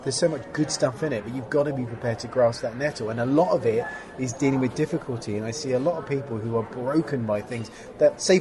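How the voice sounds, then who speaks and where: Blunt, earnest man hosting a talk. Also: medium pitch. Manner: earnest, blunt, swears for emphasis. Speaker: podcast host. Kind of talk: casual interview conversation.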